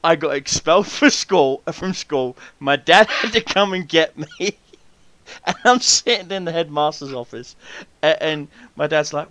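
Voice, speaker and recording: A man hosting a podcast, telling an animated story full of swearing and acted-out voices. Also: fairly high pitch, moderate pace, no room sound. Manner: swears freely, animated, acts out quoted voices. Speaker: podcast host. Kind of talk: casual storytelling chat.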